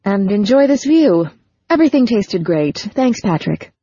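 A woman reading a nervous young woman in a storybook, who talks in hurried, flustered bursts. The voice is husky and mellow. The recording is dull. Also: mid-range voice, very animated, no echo, exaggerated voice.

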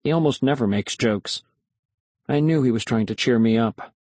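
A man's voice: mid-range voice, moderate pace, a little mellow, breathy edge, dry recording. A man reading a children's story aloud in the first person, expressively. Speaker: audiobook narrator.

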